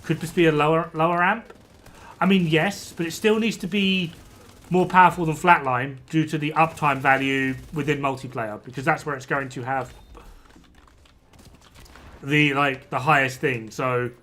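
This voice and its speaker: A man gives casual gameplay commentary to his stream chat. His voice sits a little high and comes out bright and forceful as he rants about game balance. He swears freely and sounds thoroughly exasperated. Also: fairly even intonation, moderate pace.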